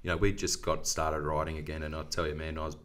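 Field: blunt, deep-voiced Australian podcast host. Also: male voice, little pitch movement, fast, fairly bright tone. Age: middle-aged. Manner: blunt, swears freely, tells stories with quoted voices. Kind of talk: casual conversation.

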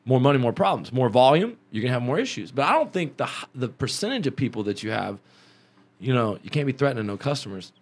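A man's voice: medium pitch, animated, quick pace, husky. A man hosting a casual podcast interview, loose and joking, with slang and frequent laughter. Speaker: podcast host.

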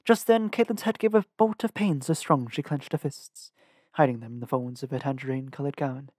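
Man, audiobook narration, steady reading, middle pitch, dry room. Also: fairly quick, no room sound. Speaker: audiobook reader.

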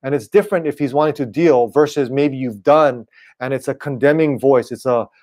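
A man preaching an online sermon in a relaxed, conversational way, often checking in with "right?". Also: medium pitch, brisk. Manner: casual, repeats "right?" and "you know". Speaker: pastor.

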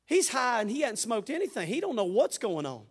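A man preaching a sermon in a church sanctuary. He is fervent and folksy, jokes with the room, and swings from shouted peaks to quiet asides. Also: very high voice, wildly swooping pitch, brisk, husky. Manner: folksy, joking. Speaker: pastor. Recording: long hall reverb.

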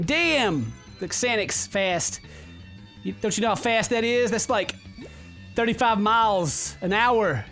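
A man giving joking, sarcastic let's play commentary on a game, excitable and swearing a lot into a close desk microphone. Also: high voice. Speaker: gaming YouTuber.

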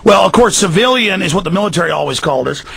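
Ranting man with a high, gravelly voice. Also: expressive, fairly bright tone, no echo. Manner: rapid ranting delivery. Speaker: radio talk show host. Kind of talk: call-in radio talk.

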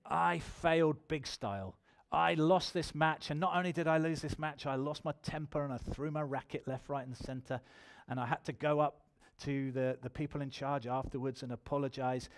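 A man's voice: on the high side, fairly even intonation, normal speed, hardly any pauses. A man preaching a sermon in church, telling his own testimony and building to emphatic appeals.

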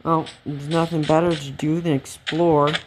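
A man giving casual, rambling commentary while playing a game, gasping and getting excited at cute animals. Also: a little high, moderate pace, a little hiss or hum. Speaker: let's play gamer.

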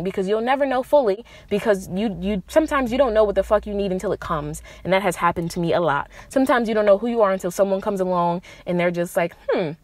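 A woman's voice: mid-range voice, no room sound. A young adult woman hosting a podcast, giving relationship advice in a casual monologue, blunt and profane, with emphatic rises on her key points. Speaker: podcast host.

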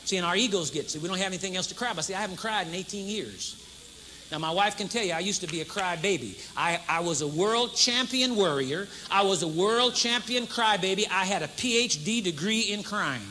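Very high, bright-voiced man preaching. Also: animated, normal speed, slight background noise. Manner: emphatic, humorous storytelling, acts out a demonstration. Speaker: pastor. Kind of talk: sermon. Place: church stage before a congregation.

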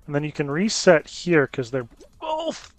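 A man giving casual gameplay commentary as a gaming YouTuber, chatting with viewers and reacting out loud to close calls. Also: fairly high pitch, huge pitch swings, a little slow, no room sound. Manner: chatty, reacts loudly to near misses.

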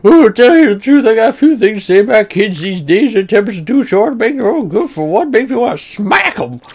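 A man's voice: sits high, very animated, fairly quick, a little mellow, voice pushed up, full character voice. A man voicing a forgetful, rambling old male turtle-creature in a video game. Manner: rambling, loses his train of thought.

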